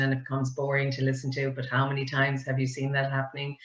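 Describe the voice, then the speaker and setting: A woman, a communication coach giving a lively webinar lesson and quizzing her audience. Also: a bass voice, a little fast, hardly any pauses. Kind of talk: webinar teaching. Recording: roomy, dull webinar audio.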